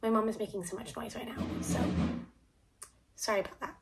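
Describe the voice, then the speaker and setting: A woman's voice: medium pitch, fairly even intonation, a little fast, over loud music. A teenage girl chatting casually about books she read, rambling with lots of fillers. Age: teens. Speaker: book vlogger. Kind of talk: casual reading wrap-up chat. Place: home, family noise nearby.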